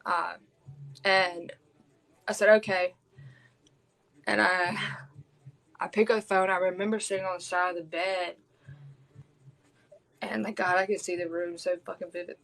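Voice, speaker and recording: A woman's voice: lowish voice, little pitch movement, normal speed, gravelly, pauses often, a bit bright, poor audio. A woman, hosting a podcast and telling a personal story in a raw, blunt way, swearing heavily. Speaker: podcast host.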